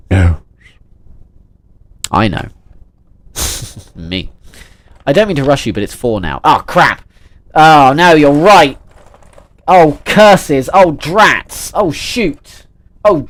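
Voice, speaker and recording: A man, chatting casually and playfully on a livestream while reading and answering chat. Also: mid-range voice. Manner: chatty and playful, reads chat aloud and reacts with jokes. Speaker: streamer.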